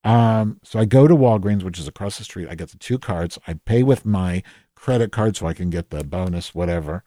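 This podcast host speaks low, a little fast and warmly in a natural voice, recorded cleanly in a studio with no echo. He's improvising a comic monologue as Madge, a crabby office worker who curses constantly, rambling and putting himself down while restarting again and again.

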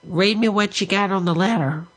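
A woman making a prank phone call, talking in a deadpan, drawn-out way. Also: medium pitch. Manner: deadpan, slow and drawn-out spelling. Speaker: prank caller.

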